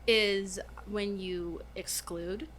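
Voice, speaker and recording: Young female debater, firm and insistent, bright edge, faint background noise. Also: medium pitch, steady tone, very slow. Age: young adult. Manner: firm, insistent, repeats definitions. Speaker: debater in a filmed discussion. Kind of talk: debate answers.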